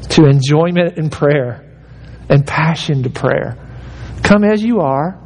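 A man's voice: animated, slow pace, a little mellow, slightly rough. A pastor preaching an emphatic sermon, urging his listeners and acting out the prayers he quotes. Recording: hall reverb with faint rumble.

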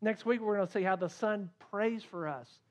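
A man preaching a sermon as a pastor, swinging between loud emphasis and quiet asides. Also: high voice, normal speed.

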